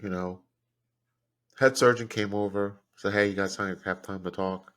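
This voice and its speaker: A man hosting a podcast, telling a personal story in a halting, grief-stricken way with many restarts. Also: on the low side, fairly even intonation, fairly bright tone. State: grieving, close to tears. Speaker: podcast host.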